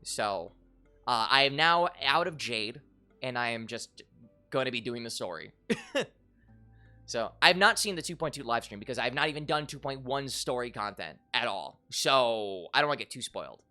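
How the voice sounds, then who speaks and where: An excitable streamer talking casually on a live stream, with a bright voice and a lively swing in pitch. The talk is joking and crude, jumping high and loud when worked up. Faint game music sits under the voice. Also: moderate pace.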